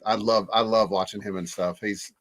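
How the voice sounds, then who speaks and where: A man co-hosting a podcast, talking about movie trailers with enthusiastic, rambling fan excitement. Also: fairly low pitch, fairly quick. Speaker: podcast co-host.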